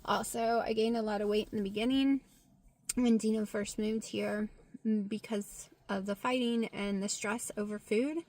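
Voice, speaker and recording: A woman with a Southern American accent, talking frankly to camera in a casual vlog, getting loud and animated when excited. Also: mid-range voice, moderate pace. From Southern United States. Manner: frank and blunt, swears freely. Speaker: vlogger.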